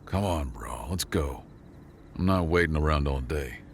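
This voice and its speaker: A man voicing a tired, sarcastic human janitor in a sci-fi story, speaking flat and deadpan. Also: extremely low pitch, a little slow, gravelly, a little hiss or hum, full character voice. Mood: bored.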